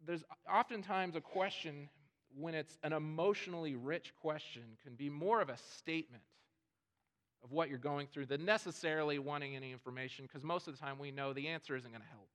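A man's voice: a little high, fairly quick, fairly bright tone. A man preaching a sermon in an earnest way, often repeating words as he starts a phrase. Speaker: pastor.

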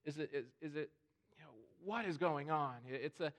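A man's voice: a little high, brisk, fairly bright tone. A man preaching a sermon in an earnest way, often repeating words as he starts a phrase. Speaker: pastor.

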